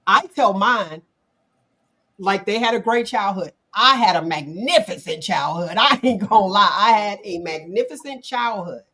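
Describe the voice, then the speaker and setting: A woman's voice: medium pitch, lively intonation, normal speed, sharp tone. A woman hosting a casual panel talk show, speaking candidly and directly in conversation.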